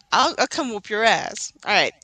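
A woman's voice: on the high side, pushed and bright, dry recording, poor audio. A woman co-hosting a casual podcast chat, teasing and laughing often as she talks. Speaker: podcast co-host.

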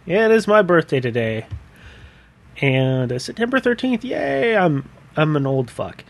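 A man's voice: fairly high pitch, big pitch swings, a little slow. A man hosting a casual podcast, rambling with frequent laughs and fillers. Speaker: podcast host. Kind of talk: casual chat.

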